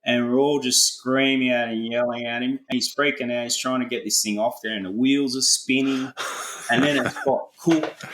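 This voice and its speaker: A middle-aged Australian farmer telling a laid-back story full of colloquial slang in a casual interview. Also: male voice, mid-range voice, a bit bright, roomy sound, poor audio. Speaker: farmer, podcast guest.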